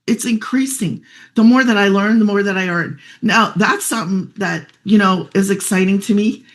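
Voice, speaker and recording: A heartfelt middle-aged woman telling her own story in a quick, chatty way. Her voice sits at an ordinary pitch, and at moments she fights back tears before pushing on. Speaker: guest sharing her story. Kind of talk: emotional personal testimonial.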